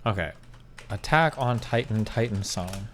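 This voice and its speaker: A man streaming live, chatting loosely with his audience and answering chat; he rambles, doubts himself out loud and swears casually. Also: on the low side, expressive, unhurried, a little hiss or hum.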